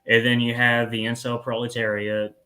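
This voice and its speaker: A male podcast host talking in a loose, rambling way, often trailing off and chuckling. His voice sits at an ordinary middle pitch. He keeps everything casual and unhurried. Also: completely flat delivery, pushed and bright, low-quality recording. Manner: rambling, laughs easily, drawls "man" at ends of lines. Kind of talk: casual chat.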